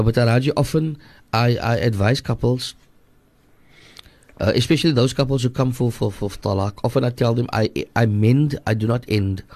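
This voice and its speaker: Cape Town man, radio advice scholar, earnest and repetitive, middle pitch, dry studio mic. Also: a little mellow, no echo. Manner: earnest, repetitive, switches into Afrikaans. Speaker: radio guest scholar answering listener questions.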